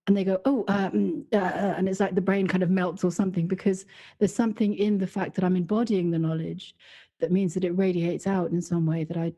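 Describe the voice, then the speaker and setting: Mellow-voiced woman musing. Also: on the low side, level tone, quick pace. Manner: reflective, storytelling, laughs often. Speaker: podcast co-host. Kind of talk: casual conversation.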